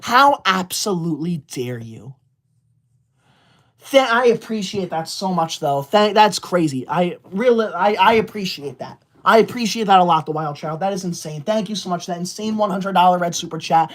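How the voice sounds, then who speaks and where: A woman's voice: fairly low pitch, lively intonation, moderate pace. Mock-outraged woman livestreamer. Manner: mock-indignant, scolding viewers in a theatrical huff. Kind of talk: livestream chat with viewers.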